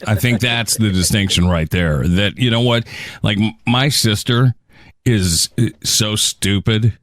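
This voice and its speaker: A man's voice: lowish voice, measured pace, a bit bright, dry recording. A man co-hosting a casual podcast, blunt and laughing a lot, swearing casually. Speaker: podcast co-host.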